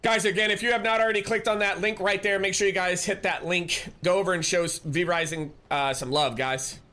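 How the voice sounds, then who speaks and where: A man's voice: high voice, fairly even intonation, fairly quick, bright, forceful tone. A man live-streaming, chatting casually and rambling as he answers viewers and thanks them. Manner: rambling, restarts often, reads chat aloud.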